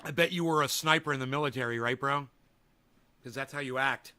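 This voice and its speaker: A man's voice: mid-range voice, a little fast, pushed and bright. A man hosting a livestream, reading chat comments and answering them in a profane, combative, rambling way. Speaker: livestream host.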